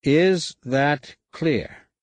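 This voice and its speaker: A man's voice: a little high, drawn-out words, no echo, voice pushed up. A man voicing a scheming male alien politician who speaks in a condescending, clipped and threatening way. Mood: smug, cold.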